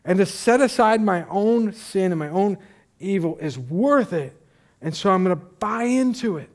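A middle-aged male pastor delivering a sermon with a slightly raised pitch. He talks conversationally and tells stories with lively asides. He often restarts his sentences. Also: moderate pace. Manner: conversational, animated storytelling with asides. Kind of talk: sermon with storytelling.

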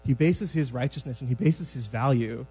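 A man preaching a sermon in a church sanctuary, conversational and lively, acting out scenes from scripture. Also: mid-range voice, normal speed, breathy edge, faint music behind, low-quality recording.

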